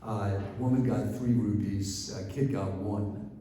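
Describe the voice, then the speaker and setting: A male professor gives a conversational, storytelling lecture, often checking in with "right?" asides. His voice is lowish and dark, with fairly even intonation and a slow pace. A distant mic captures him in an echoey large hall, with faint ambience and a little hiss or hum.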